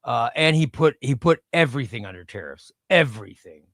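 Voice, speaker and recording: A man's voice: medium pitch, animated, a little fast, a bit bright, dry recording, studio quality. A middle-aged man hosting a casual comic book livestream, rambling and reading chat aloud.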